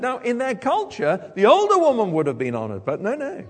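A man preaching an expository sermon in a church hall, animated and acting out quoted lines with big jumps in pitch. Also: fairly quick, few pauses. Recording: long hall reverb.

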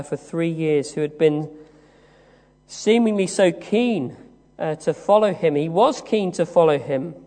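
High-voiced preacher in an echoing hall. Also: male voice, dark tone. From West Country of England. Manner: measured storytelling with frequent "uh" pauses. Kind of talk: sermon. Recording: long reverb of a large hall.

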